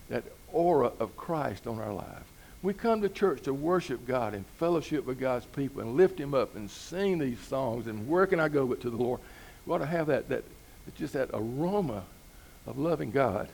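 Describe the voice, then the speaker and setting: A man's voice: medium pitch, vocal fry, darkish tone. A man preaching a sermon in a folksy, conversational way, building to emphatic peaks. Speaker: pastor.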